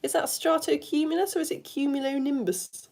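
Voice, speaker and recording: A woman's voice: sits high, fairly even intonation, fairly quick, creaky, a little mellow. A woman teaching a live online science lesson in a chatty, enthusiastic way, asking the viewers questions as she goes.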